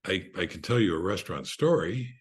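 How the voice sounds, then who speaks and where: An older man, a podcast guest, telling relaxed anecdotes in an unhurried way, often restarting his sentences. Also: low-pitched, husky. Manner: unhurried storyteller with frequent restarts and fillers.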